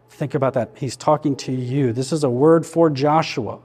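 A man's voice: medium pitch, steady tone, fairly quick, few pauses, darkish tone, husky. A man preaching a sermon as pastor to his church, in an earnest, conversational way with many questions to the listeners.

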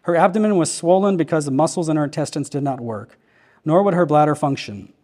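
A man reading a healing account aloud in an earnest, steady narration, with occasional slips and restarts. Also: fairly high pitch, a little fast. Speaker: reader of a testimony.

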